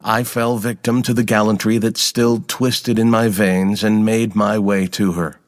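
A man giving a scripted first-person narration of a story in a measured, even manner. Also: lowish voice, long reverb tail.

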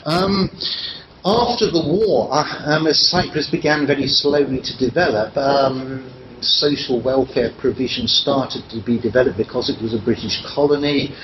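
An older man giving an academic lecture, pausing often with ums and restarting his phrases. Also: medium pitch. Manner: halting, many ums and restarts. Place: lecture room. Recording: dull, noisy lecture recording.

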